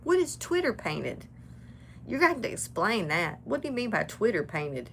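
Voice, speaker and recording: Chatty gravelly-voiced woman. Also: medium pitch, moderate pace, a little hiss or hum. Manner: chatty, animated, talks to live chat. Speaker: tarot reader. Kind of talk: casual storytelling during a live reading.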